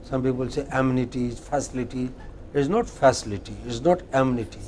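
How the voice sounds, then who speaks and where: With a mid-range, darkish voice, an Indian English-accented man leads a university class on English pronunciation. He corrects students and says words slowly for them to copy, with slight background noise behind him.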